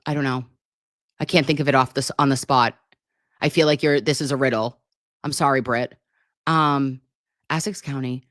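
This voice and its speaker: A woman's voice: low voice, dry recording, clean studio sound. A woman, hosting a casual livestream and reading viewer comments in a chatty, emotional way. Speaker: livestream host reading chat.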